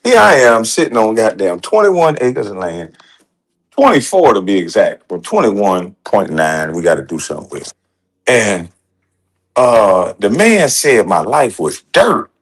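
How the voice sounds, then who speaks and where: A man chats on his own livestream in a loose, profane, joking way. His mid-range voice is animated and swings widely in pitch. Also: normal speed. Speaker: livestream host. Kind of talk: casual livestream chat.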